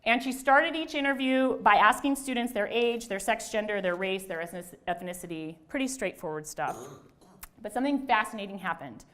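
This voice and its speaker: A woman's voice: medium pitch, moderate pace, fairly bright tone. A middle-aged woman, a religious studies scholar, giving a conversational lecture to an audience, with self-deprecating asides and restarts. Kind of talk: lecture talk to a live audience.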